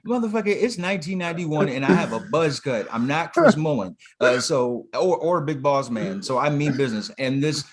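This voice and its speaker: A man's voice: a little high, expressive, normal speed, hardly any pauses, crowd noise. A man co-hosting a casual comedy podcast, riffing in a profane, mocking, playful way. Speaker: podcast co-host.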